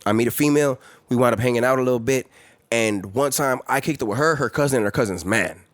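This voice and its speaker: A man's voice: mid-range voice, fast talker, no room sound. A man from the Los Angeles area, a podcast guest telling stories in a casual way with lots of profane street slang. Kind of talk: casual storytelling.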